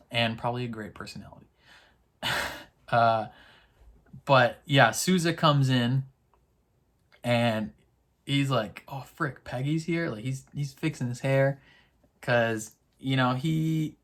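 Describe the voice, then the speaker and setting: Man, mid-pitched voice, casual episode recap, rambling, lots of fillers. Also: a bit bright. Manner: rambling and chatty, many "uh"s and "like"s. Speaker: TV episode reactor.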